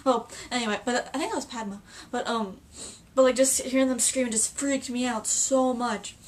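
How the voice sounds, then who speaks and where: Excitable woman gushing about a film. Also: fairly high pitch, moderate pace, distant mic. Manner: excitable and gushing, full of "like" and restarts. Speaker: vlogger reacting to a film. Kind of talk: casual film reaction chat.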